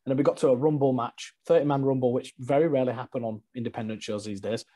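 A man's voice: mid-range voice, quick pace. A man, a guest wrestler, chatting casually in an interview and animatedly acting out the stories he tells. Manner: animated storyteller, acts out quotes.

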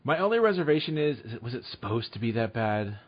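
A man's voice: medium pitch, quick pace, slightly rough. A man hosting a casual podcast chat, leading the segments and laughing often. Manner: leads the segments, lively and laughing. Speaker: podcast host. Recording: dull lo-fi sound.

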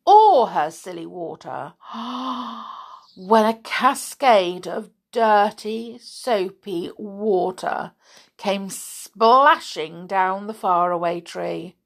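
Female storybook narrator, expressive, unhurried, lively intonation. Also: mid-range voice, vocal fry. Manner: expressive, animated. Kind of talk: storybook read-aloud.

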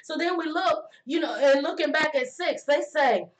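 A woman preaching a lively, folksy sermon, calling out to listeners and slowing down to stress key words. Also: sits high, poor audio. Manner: folksy, call-and-response, drawn-out emphasis.

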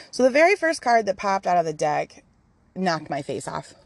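A woman's voice: medium pitch, big pitch swings, a little fast, vocal fry, no room sound. A woman hosting her own podcast in a casual, rambling monologue, candid and swearing freely, with many fillers and restarts. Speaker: podcast host.

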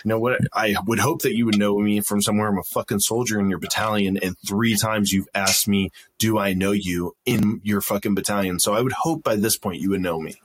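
A man's voice: on the low side, steady tone, brisk, few pauses, slightly rough. A young man casually telling a profane, laughing story as a podcast guest.

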